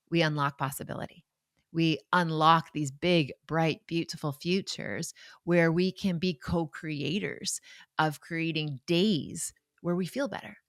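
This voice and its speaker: A woman's voice: sits low, a bit bright, dry recording, studio quality. A woman in her forties hosting her own podcast, talking in a chatty, digressive, heartfelt way with a few laughs. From Canada. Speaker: podcast host and author. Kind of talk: casual solo podcast talk.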